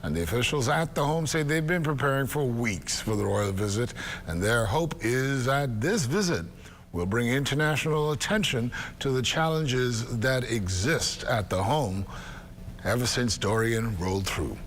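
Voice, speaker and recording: A man anchoring the news from the studio, measured and leading into reports with a few fillers. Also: medium pitch, lively intonation, fairly bright tone, a little hiss or hum.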